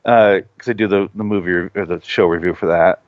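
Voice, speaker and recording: A man hosting a podcast, telling stories in casual chat, animated and full of swearing. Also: sits low, fairly quick, no room sound. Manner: profane, animated storyteller. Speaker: podcast host. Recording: dull lo-fi podcast audio.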